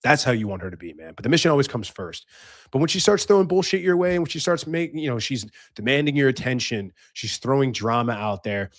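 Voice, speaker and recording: A man's voice: medium pitch, animated, fast talker, dry recording, studio quality. Blunt, swearing man podcasting. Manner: blunt, swears freely, acts out quoted voices. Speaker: podcast host. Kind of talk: casual monologue giving life advice.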